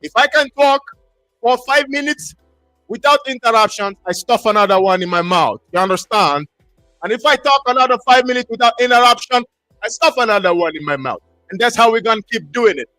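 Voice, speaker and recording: Excitable man with a very high voice. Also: normal speed, soft background music. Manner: excitable, repetitive, slangy hype talk. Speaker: livestream host. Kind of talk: casual live-stream chat.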